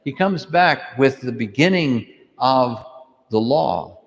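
A man as priest or deacon, reading the gospel and giving an animated homily to children, asking them questions. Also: mid-range voice, takes it slowly, creaky, highs cut off. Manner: animated storytelling, asks kids questions. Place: church. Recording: long church reverb.

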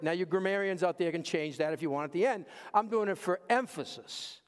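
Preaching fairly quickly with hardly any pauses, this high-voiced pastor has a clear, resonant tone. His sermon hammers repeated phrases and alternates quiet asides with loud, pointed lines, all ringing in a big hall's long reverb.

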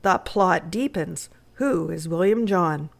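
A woman's voice: fairly low pitch, takes it slowly, gravelly. A woman voicing a kindly, dry-humoured doctor father in a readers' theatre story reading.

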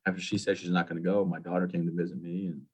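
A man's voice: low-pitched, level tone, rapid-fire, a little mellow, husky. A man in his thirties, a veteran guest, telling his personal story in a candid, plain-spoken interview manner.

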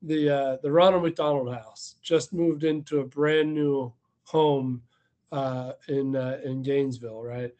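A man, the guest on a casual podcast, telling a story with many filler pauses. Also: mid-range voice, steady tone, mellow. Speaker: nonprofit CEO, guest. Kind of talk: casual chat.

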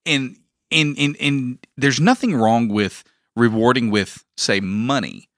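A man's voice: mid-range voice, takes it slowly, a bit bright, no echo, clean studio sound. A man co-hosting a parenting podcast, telling family stories in a casual, folksy, humorous way. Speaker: podcast co-host; father of a daughter.

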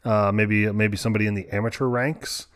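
A man's voice: on the low side, steady tone, fairly quick, no echo, studio quality. A man co-hosting a sports podcast, teasing the others and mocking himself as a quiz contestant. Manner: teasing, self-mocking, laughs often. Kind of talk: casual podcast banter.

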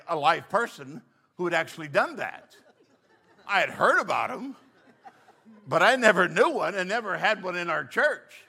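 An older man preaching a sermon as pastor, telling a story with animated bursts of emphasis. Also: on the high side, normal speed.

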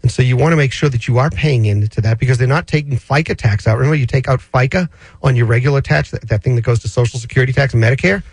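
A man chats on a radio show, rambling along with fillers and restarts. He sits close to a dry studio mic. His pitch sits in a middle range. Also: quick pace, darkish tone, husky, no room sound. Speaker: radio show host answering listener finance questions. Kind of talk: casual radio chat.

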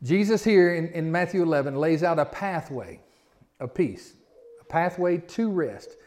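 A pastor preaching a sermon, his voice sitting a little high for a man. He talks in a folksy way, repeats his words and presses his points with rising emphasis. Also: animated, measured pace, a little mellow. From Southern United States.

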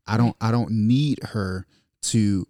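A man co-hosting a casual faith conversation with his wife, telling stories with lively acted-out quotes. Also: lowish voice, slow pace, dry recording, studio quality. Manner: animated storyteller, acts out quotes. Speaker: podcast co-host, husband.

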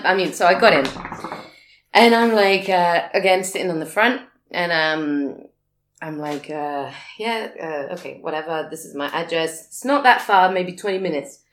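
A woman telling a story casually, animated, swearing and laughing often. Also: on the low side, reverberant. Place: living in a big city abroad.

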